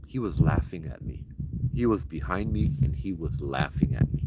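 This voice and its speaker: A man's voice: rumbling low, lively intonation, normal speed. A man from Hawaii, telling a ghost story as host, acting out the voices of the people in it. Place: outdoors at a temple site. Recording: loud background noise.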